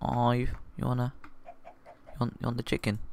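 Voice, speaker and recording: A man's voice: medium pitch, monotone, moderate pace, vocal fry, a little mellow, a little hiss or hum. A man giving casual gameplay commentary, rambling and joking at himself as he plays. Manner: goofy, rambling and self-mocking. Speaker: gaming video host.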